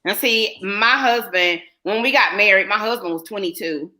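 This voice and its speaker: A woman's voice: mid-range voice, moderate pace, sharp tone, poor audio. A woman in her forties with a North Carolina accent, hosting a casual live chat in a loose, talkative way. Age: 40s. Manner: chatty, loose and conversational. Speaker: live stream host.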